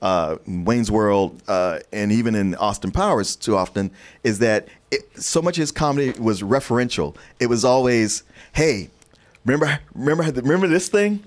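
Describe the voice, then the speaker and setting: A man co-hosting a casual movie podcast, calmly analyzing a comedian's style. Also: fairly low pitch, moderate pace. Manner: analytical, acts out quoted bits. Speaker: podcast co-host. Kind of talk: casual movie review chat.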